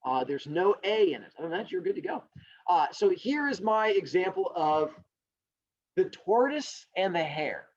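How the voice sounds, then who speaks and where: A male teacher telling a fable to his class, rambling and joking in an animated way over a video call. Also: high-pitched, moderate pace, lo-fi sound. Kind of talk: storytelling lesson.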